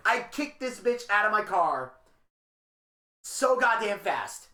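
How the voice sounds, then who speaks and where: Speaking with an extremely high pitch at a measured pace, this man co-hosts a podcast, spinning animated stories in relaxed conversation. He swears freely and acts out quotes, all in an echoey room.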